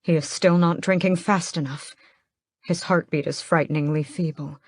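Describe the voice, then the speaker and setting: A woman narrating a first-person fantasy audiobook in a measured, steady way, close to the mic. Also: low voice, no echo.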